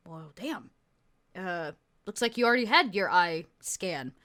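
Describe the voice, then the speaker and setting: A woman voicing a gruff, bossy male commando officer with a barking, curt delivery. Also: lowish voice, expressive, a little slow, a bit bright, pitched below the performer's own voice.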